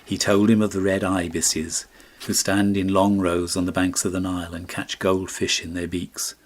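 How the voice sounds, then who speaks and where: A man reading a classic fairy tale as an audiobook, measured and expressive. His voice sits low with a husky edge. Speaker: audiobook narrator. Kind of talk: scripted storybook narration.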